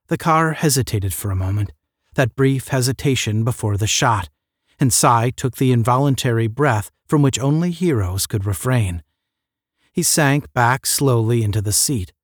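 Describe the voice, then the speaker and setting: A man reading a science fiction short story aloud in a measured, steady narrating voice. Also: medium pitch, no room sound, studio quality. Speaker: audiobook narrator.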